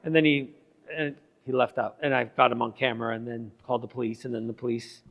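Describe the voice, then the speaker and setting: A man, a priest, telling stories to his catechism class in a lively, laughing way, acting out what people said. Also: medium pitch, fast, vocal fry. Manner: animated, laughing, acting out dialogue. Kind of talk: casual classroom storytelling. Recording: long hall reverb.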